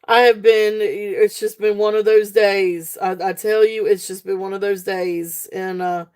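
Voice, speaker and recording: A woman's voice: mid-range voice, flat delivery, normal speed, a little mellow, smooth. A woman hosting a live jewelry sale stream, giggly and gushing at her viewers, rambling with lots of fillers. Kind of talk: casual live-stream selling chat.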